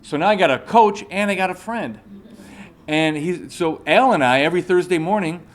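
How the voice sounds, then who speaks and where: He's a motivational speaker in his forties, talking live to an audience about a personal experience and often engaging the listeners directly. His voice is high, with lively intonation, at a normal speed.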